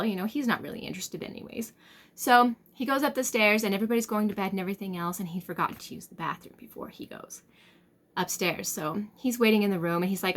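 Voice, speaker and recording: A woman's voice: mid-range voice, fast talker, fairly bright tone. A young woman chatting casually to camera and telling a story, rambling with plenty of fillers. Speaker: tarot vlogger.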